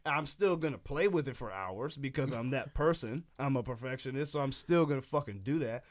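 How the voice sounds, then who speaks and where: A man from southeastern Michigan, a guest rapper in casual studio chat, with a light lisp, talking in an animated, profane way that swings loud when he gets excited. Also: medium pitch, brisk.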